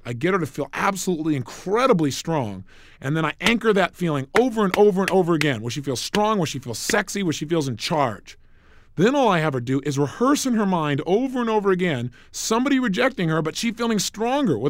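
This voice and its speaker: A man's voice: high-pitched, dry recording, clean studio sound. A middle-aged man giving a punchy, emphatic motivational talk as a coach-like speaker.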